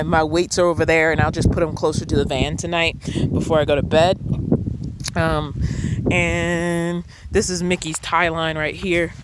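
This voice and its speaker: A woman talks casually at an outdoor desert campsite beside her van, rambling and often pausing with ums. The recording has clear, steady background noise around her voice. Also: low voice. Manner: chatty, rambling, frequent ums. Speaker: van-dwelling vlogger. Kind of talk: casual chat.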